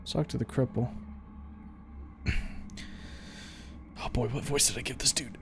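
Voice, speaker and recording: Thinking out loud as he plays, this man streams a video game casually with the odd curse word. His mid-range voice carries vocal fry and keeps a measured pace, and the recording has a little hiss or hum.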